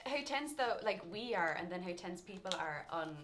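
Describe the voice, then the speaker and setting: A woman's voice: on the low side, expressive, moderate pace, a bit bright, a little hiss or hum. A young Irish woman co-hosting a live stream, giggly and full of offbeat jokes. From Ireland. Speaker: livestream co-host. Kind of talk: casual chat.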